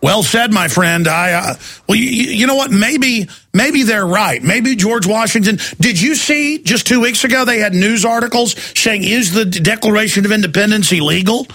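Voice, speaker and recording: A man hosting a radio show, talking in a heated, mocking way and acting out quotes in shrill voices. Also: animated, a little slow, bright, forceful tone. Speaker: radio host. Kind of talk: heated talk radio monologue.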